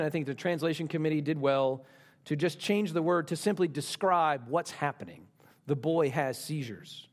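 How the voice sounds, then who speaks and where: A middle-aged man preaching a sermon, stressing points by repeating phrases and slowing down on key lines. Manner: speaks slowly on key lines and rises in pitch for emphasis. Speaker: pastor.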